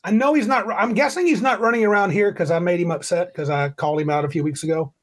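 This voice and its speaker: A man's voice: high voice, quick pace. A man hosting a casual tabletop game podcast over a video call, rambling and correcting himself as he reads rules aloud. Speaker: podcast host.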